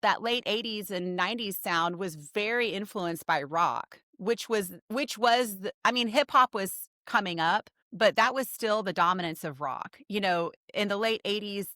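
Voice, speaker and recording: A woman's voice: mid-range voice, normal speed, few pauses, bright, forceful tone, dry recording, studio quality. A woman from Texas, a pop musician guest on a podcast, chatting casually and thinking aloud with many likes and restarts. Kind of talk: casual conversation.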